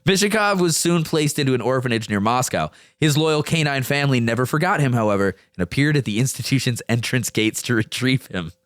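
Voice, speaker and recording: A man's voice: medium pitch, lively intonation, brisk, few pauses, a bit bright, no room sound, studio quality. A man co-hosting a podcast, telling a story in casual chat, crude and laughing often. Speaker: podcast co-host. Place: podcast studio.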